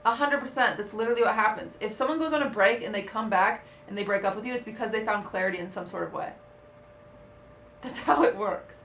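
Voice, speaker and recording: A woman's voice: medium pitch, quick pace, slight background noise. Teasing woman host, echoey room. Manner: teasing, confident, deadpan delivery. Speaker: podcast host. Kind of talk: casual chat.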